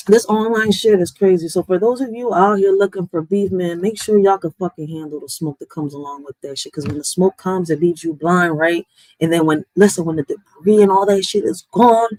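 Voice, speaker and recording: A woman's voice: lowish voice, dry recording, poor audio. A woman hosting a podcast in a casual ranting monologue, blunt and full of curses and street slang. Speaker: podcast host.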